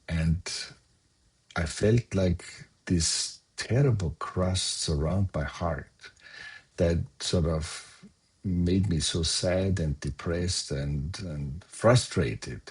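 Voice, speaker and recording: An older man, slowly recounting a personal memory in a soft-spoken storytelling manner. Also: sits low, husky. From Austria. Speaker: guest sharing memories. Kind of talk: personal recollection.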